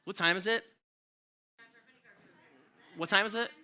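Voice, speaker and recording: A man doing stand-up comedy, telling stories in a profane, exasperated, animated way on a comedy club stage. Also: sits high, slow.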